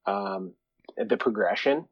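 A man talking as a podcast guest in a mellow, easygoing way. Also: fairly low pitch, slow, highs cut off. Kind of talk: casual chat.

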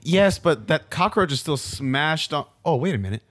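A man's voice: fairly high pitch, expressive, normal speed, fairly bright tone. A man performing an improvised comedy sketch, reacting in a wary, exasperated and dry way.

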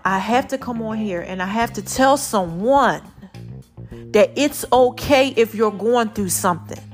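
A woman giving an impassioned faith testimony to her viewers, speaking through a tight throat, emphatic and repeating herself for stress. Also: on the high side. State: tight, constricted throat, a little choked up.

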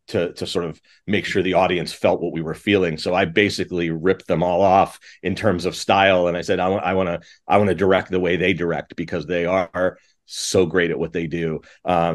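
A middle-aged composer and director speaks in a low-pitched voice during an interview. He's casual and enthusiastic, rambling along with many restarts and false starts.

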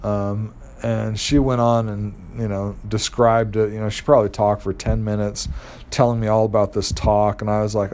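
A young man with a somewhat low voice tells a personal story in an easygoing, casual way. He rambles, stacking fillers and restarting his sentences as he goes. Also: fairly even intonation, moderate pace, darkish tone.

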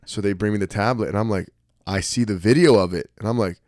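A man's voice: on the low side, fast, darkish tone, no echo, studio quality. A man in his thirties, from New Jersey, chatting casually on a podcast, swearing often and acting out the people in his stories. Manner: profane, storytelling, acts out quoted voices. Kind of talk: casual chat.

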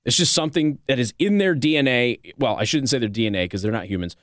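A man's voice: mid-range voice, fast talker, a bit bright, no echo, studio quality. A man hosting a commentary show, talking casually with a sarcastic, rambling manner and frequent restarts. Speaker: political commentary host.

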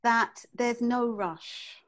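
Slow-spoken, high-voiced woman. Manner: slow, thoughtful, hesitant, laughs easily. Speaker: podcast guest.

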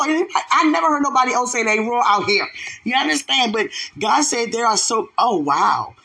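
A woman who leads a ministry, praying aloud and talking about her faith with fervent, exclamatory praise, swinging between loud outbursts and low murmurs. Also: lively intonation, normal speed, slightly rough. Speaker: ministry leader. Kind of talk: spontaneous prayer and spiritual talk.

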